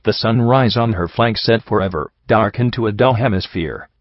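A man reading a first-person story aloud in a steady, grim way. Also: on the low side, normal speed, no room sound. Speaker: audiobook reader. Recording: dull lo-fi recording.

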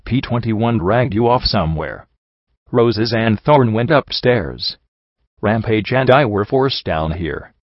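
A gentle, anxious young pony mare who speaks softly and slowly with a shaky edge, as a man reads her in a low voice. The sound is dull and close, with no room around it. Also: animated, no room sound. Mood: shaken. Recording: dull, dry.

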